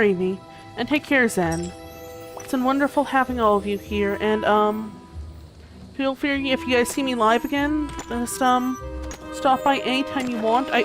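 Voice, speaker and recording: A woman streamer chatting casually while she plays a game, meandering and hesitant, often dropping to a soft murmur as she focuses. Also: on the high side. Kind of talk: casual gameplay commentary. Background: game music.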